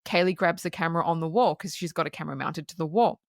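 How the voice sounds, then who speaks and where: A woman's voice: low voice, fast, dry recording, studio quality. A woman co-hosting a podcast, recapping a horror film in a casual, swearing, filler-heavy way. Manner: animated, swears, heavy use of "like". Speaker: podcast co-host.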